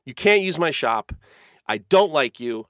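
A man's voice: a little high, lively intonation, unhurried, a bit bright, dry recording, clean studio sound. A man hosting a casual podcast chat, ranting in a heated, profane way. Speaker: podcast host.

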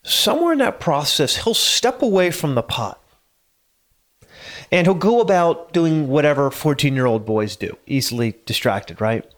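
A man's voice: a little high, expressive, normal speed. A middle-aged man hosting his own podcast, telling a story in a loose, conversational way with small chuckles and hesitations. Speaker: podcast host. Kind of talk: solo podcast monologue. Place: home studio.

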